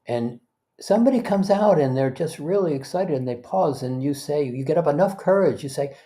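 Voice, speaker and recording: A man as a spiritual teacher, leading a guided meditation talk in a gentle, unhurried way, pausing for breaths and restarting phrases conversationally. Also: fairly high pitch, expressive. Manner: gentle, unhurried, leads listeners through breaths.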